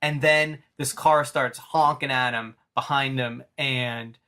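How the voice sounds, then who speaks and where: A man in his thirties excitedly retelling a cartoon episode in casual chat, rambling with restarts. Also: mid-range voice, slow pace, clean tone.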